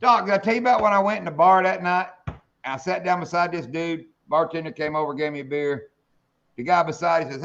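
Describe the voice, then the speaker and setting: A man's voice: a little high, steady tone, fast talker, a bit bright, lo-fi sound. A man hosting a casual fishing live stream, joking with chat, swearing freely and telling bar jokes.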